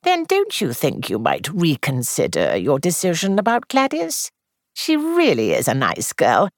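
A woman reader voicing a mild, polite elderly lady speaking gently. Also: low voice, wildly swooping pitch, unhurried, no echo, studio quality, full character voice. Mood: gentle.

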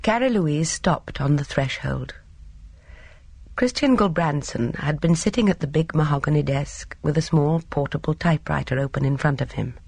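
An audiobook reader doing steady, measured narration of a mystery novel on a close studio mic. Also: medium pitch, gravelly, breathy edge, no echo. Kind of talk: scripted narration.

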